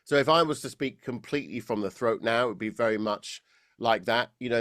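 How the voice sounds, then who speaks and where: A British man, a voice coach, explaining technique in a relaxed interview, often laughing and restarting his sentences. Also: mid-range voice, brisk, dry recording, clean studio sound. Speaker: voice coach guest.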